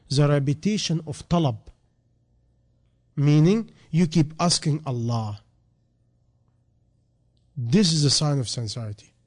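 Emotional man preaching a sermon. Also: a little high. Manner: shifts between quiet reflective lines and loud, rising emphatic calls; non-native English phrasing.

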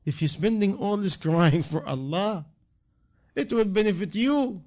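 A man's voice: sits high, lively intonation, unhurried, darkish tone. Earnest preaching man. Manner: earnest, repetitive rhetorical questions, non-native grammar. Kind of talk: sermon.

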